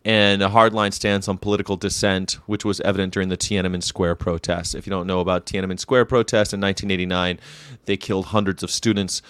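A man's voice: low voice, level tone, fast, a bit bright, smooth, dry recording. A young man hosting a casual show, commenting on history facts in an irreverent, rambling way, with swearing and jokes. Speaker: show host.

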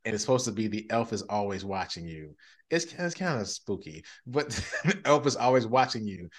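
A man in his thirties with a low voice chats on a podcast. He tells stories loosely, acts out the voices of the people in them and laughs often. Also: moderate pace. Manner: animated storyteller, laughs often, acts out quotes. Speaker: podcast co-host. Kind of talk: casual chat.

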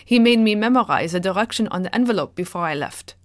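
A man's voice: high voice, expressive, fast talker, no echo, clean studio sound. A woman voicing a frightened, illiterate young German prisoner who pleads and protests in a raised voice. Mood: explaining.

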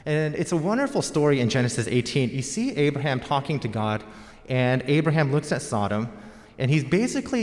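An American man preaching a sermon as pastor, in a conversational storytelling manner. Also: mid-range voice. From United States. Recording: long hall reverb.

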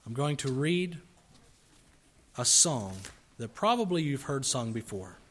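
A man preaching a sermon in a church service, earnestly pleading with and exhorting his congregation, rising to forceful emphasis. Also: medium pitch, big pitch swings, unhurried.

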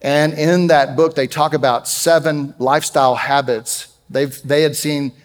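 A middle-aged man preaching a sermon as pastor, emphatic and rising loud when he quotes scripture. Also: fairly high pitch, steady tone, a little slow, in a large hall. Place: church sanctuary.

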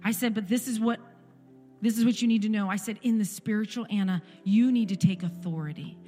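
A woman's voice: mid-range voice, fairly quick, dark tone. A woman in her forties giving an emphatic sermon testimony in a church service, repeating phrases for effect. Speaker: guest speaker in a church service. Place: church sanctuary. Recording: echoey church hall with music.

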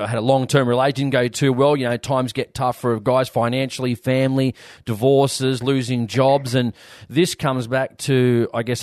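A man's voice: medium pitch, no room sound. Laid-back Australian man, dry sound. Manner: relaxed, searching for words, lots of "you know". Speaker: podcast host. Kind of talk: casual chat.

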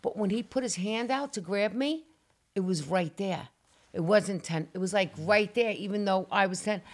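A woman recounts a scary personal story on a casual talk show at medium pitch and a moderate pace. Animated and dramatic, she acts out her own cries and swears as the story unfolds.

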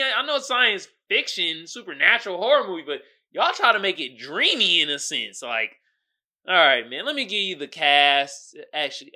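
A man hosting a casual solo podcast in African American Vernacular English, slangy and profane, swinging between muttered asides and loud outbursts. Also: on the high side. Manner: slangy and profane, keeps asking "you feel me?". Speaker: podcast host.

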